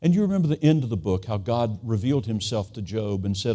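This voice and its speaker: A man's voice: fairly low pitch, animated, fast talker, hardly any pauses, mellow. A man in his sixties preaching a sermon, telling a family story earnestly and acting out the voices he quotes.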